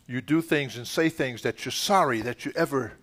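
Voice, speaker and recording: A middle-aged man, a pastor, leading a charismatic healing prayer at a church service, fervent and commanding, swinging from loud shouted rebukes to hushed murmurs. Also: medium pitch, normal speed. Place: church sanctuary.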